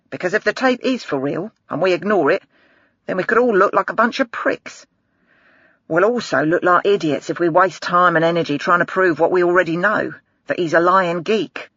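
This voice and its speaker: A reader playing a brash middle-aged detective, blunt and sarcastic, quick to swear. The delivery swings with animated pitch over a husky, dry voice. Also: dry recording, muffled recording.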